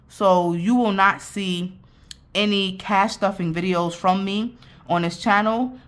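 A woman's voice: lowish voice, fairly bright tone. Chatty woman vlogger, slightly out of breath. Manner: chatty, playful, addresses viewers directly. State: a little out of breath. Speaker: budgeting channel host. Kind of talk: casual vlog talk.

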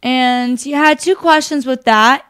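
A young woman co-hosting a faith podcast, talking in an animated, chatty way with lots of fillers. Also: high voice, a little slow, clean tone. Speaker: podcast co-host. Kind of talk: casual faith discussion.

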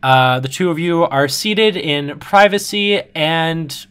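A game master who sets scenes in a tabletop game in an easygoing, halting way. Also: medium pitch, fairly bright tone, clean tone.

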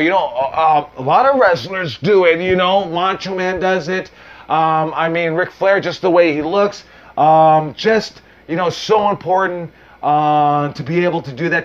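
A man's voice: fairly high pitch, muffled recording. A man coaching on wrestling promos in a loose, casual talk, full of fillers, restarts and the odd swear word. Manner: uses mild profanity.

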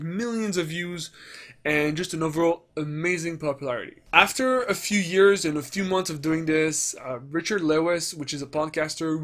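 A man rants through a commentary vlog, swearing freely and mimicking the people he criticizes. His speaking voice sits high for a man. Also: fairly bright tone. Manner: ranting, profane, mocks others in put-on voices. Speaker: gaming commentator.

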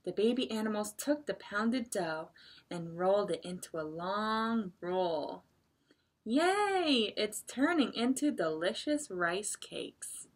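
Reading slowly at medium pitch, a woman librarian shares a picture book at children's story time. She performs it expressively and chats with the kids in asides.

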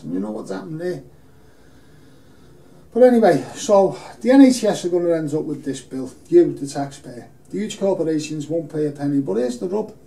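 Rambling, earnest man, dark gravelly voice, recorded from a distance in a roomy studio. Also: high voice. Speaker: campaigner making an appeal video. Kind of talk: unscripted personal appeal. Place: film studio in front of a green screen. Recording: roomy, distant mic, faint hiss.

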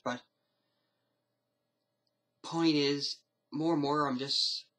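Male vlogger, husky timbre, casual to-camera rambling, hesitant with many restarts. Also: medium pitch, a bit bright, low-quality recording. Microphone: camera mic.

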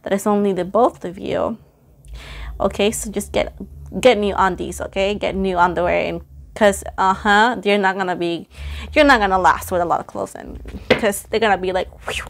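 A playful woman reading tarot cards for her viewers in a relaxed, chatty way. Her voice sits at a middle pitch and she teases and laughs easily. A faint hiss of noise sits under the recording. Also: moderate pace, gravelly. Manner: chatty, playful, teasing and excitable. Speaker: tarot reader. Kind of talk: casual tarot reading to camera.

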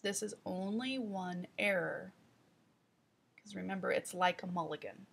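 Slow, gravelly woman teaching reading. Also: medium pitch. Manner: calm, explanatory, guiding the listener step by step. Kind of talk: instructional narration.

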